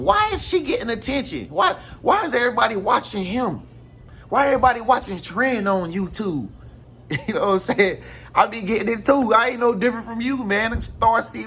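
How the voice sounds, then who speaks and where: A man's voice: high voice, a bit bright, breathy edge. A man giving casual spiritual advice to his viewers in a slangy, emphatic way, full of rhetorical questions. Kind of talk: casual motivational talk to viewers.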